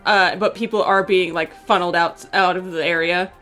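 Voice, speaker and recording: A woman's voice: lowish voice, steady tone, moderate pace, a bit bright, faint music behind. A woman player describing her character's moves casually and hesitantly.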